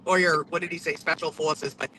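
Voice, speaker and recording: A man's voice: a little high, flat delivery, brisk, pushed and bright, a little hiss or hum, poor audio. A man casually talking over a trial on a livestream, blunt and a bit profane. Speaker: trial commentator.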